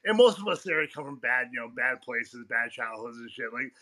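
A man's voice: mid-range voice, normal speed, sharp tone. A man being interviewed on a podcast as a guest coach, telling stories casually. He swears freely and laughs often. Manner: profane, laughs often, tells stories in a rush.

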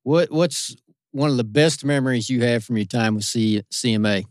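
An interview host leads a casual conversation with friendly questions. The voice is smooth and resonant. The sound is dry and close. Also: mid-range voice, moderate pace, no room sound.

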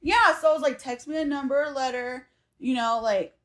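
A woman's voice: sits high, moderate pace, a bit bright. A woman guest on a podcast, chatting casually, often laughing and swearing as she chimes in. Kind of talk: casual chat.

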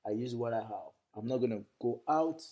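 A man, a content creator chatting as a guest in a relaxed, rambling way with many fillers. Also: mid-range voice, brisk, lo-fi sound. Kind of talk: casual interview talk.

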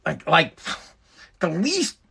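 A man's voice: fairly high pitch, wildly swooping pitch, slow pace, vocal fry, pushed and bright, slightly rough. A man in his thirties hosting his own podcast, ranting in a profane, exasperated and rambling way. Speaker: podcast host. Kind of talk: solo podcast rant.

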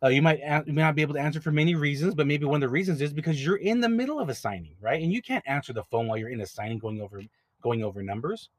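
A man's voice: on the high side, expressive, very fast, dry recording. Guy talking through tips on his podcast, blunt and chatty, kinda repeats himself, dry room. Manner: conversational, repeats words, direct advice. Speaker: podcast host, notary signing agent business owner. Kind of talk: casual advice podcast.

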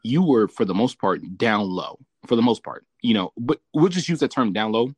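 A podcast host from Southern California with a mid-range, slightly rough voice speaks at a moderate pace, no echo present. He tells a profane, laughter-filled story in a casual chat, animated throughout.

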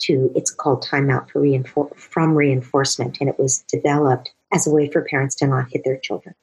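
A woman's voice: rumbling low, flat delivery, fairly quick, a little mellow, slightly rough, rough recording. A woman giving a long earnest explanation of child discipline as a parenting expert, now and then acting out parents and children. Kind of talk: explanatory talk answering a question.

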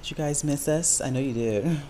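A podcast co-host chatting casually in a relaxed, wry way and reading show plugs. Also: mid-range voice, moderate pace, a little hiss or hum. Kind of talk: casual chat.

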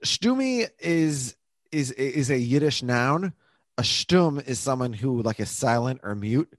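A man in casual podcast chat about a television episode, his voice leaping around in pitch as he gets worked up. He laughs easily and keeps correcting himself mid-thought. The sound is close and dry, with no room around it. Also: unhurried, no echo. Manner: animated, laughs often, self-correcting asides. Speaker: podcast co-host.

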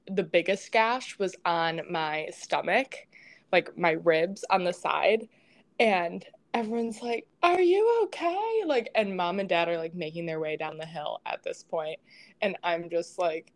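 Laughing, animated young woman storyteller. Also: fairly low pitch. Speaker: podcast co-host. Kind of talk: casual storytelling chat.

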